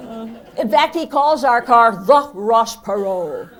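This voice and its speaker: An older woman from Minnesota, telling homespun stand-up stories with deadpan punchlines on a theatre stage. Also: on the high side. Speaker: comedian. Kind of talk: folksy stand-up storytelling. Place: stage of a performing arts center.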